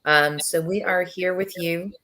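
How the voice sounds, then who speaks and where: A woman hosting a casual live chat as a press founder, her voice husky and worn from travel, chatty and relaxed with many fillers. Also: lowish voice, a little slow, low-quality recording. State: low husky voice from travel fatigue. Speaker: founder and executive editor of a press, host.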